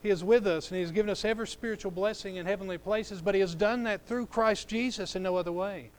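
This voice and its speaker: High-voiced man preaching a sermon. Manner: preaching with swings from loud emphasis to hushed, drawn-out phrases; acts out scripture dialogue in a lowered, quiet voice. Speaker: pastor.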